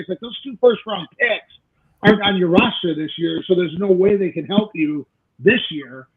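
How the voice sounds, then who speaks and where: Man with a husky voice over a tinny line. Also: high voice, a little fast. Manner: opinionated, frequent restarts. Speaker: co-host. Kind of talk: casual sports debate.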